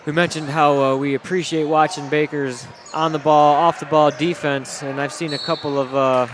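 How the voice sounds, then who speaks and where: A man with a Michigan accent giving color commentary at a high school basketball game, explaining plays like a coach. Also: flat delivery, normal speed. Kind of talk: live basketball analysis. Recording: gym ambience, bouncing ball noise.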